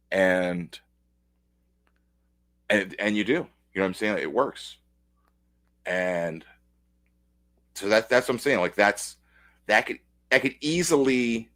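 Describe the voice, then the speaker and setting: Brief: male comic reviewer, casual and rambling, excited, slightly low voice. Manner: rambling, enthusiastic, full of fillers.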